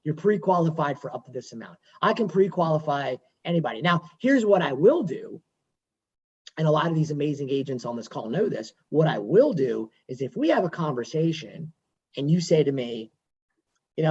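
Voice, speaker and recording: A man's voice: a little high, sing-song, normal speed, darkish tone, husky, lo-fi sound. A man working as a mortgage lender, speaking at a workshop over a video call in a conversational, digressive way and repeating himself.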